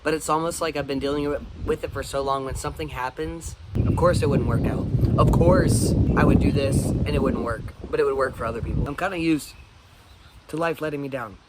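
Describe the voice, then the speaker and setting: A man's voice: mid-range voice, fairly even intonation, fairly quick, background noise. A man talking candidly in a casual vlog monologue, blunt and swearing freely. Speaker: vlogger.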